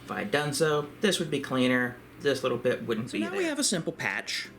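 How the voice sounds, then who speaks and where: A man giving a calm, step-by-step craft tutorial for a library. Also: mid-range voice, fast, creaky, slight background noise.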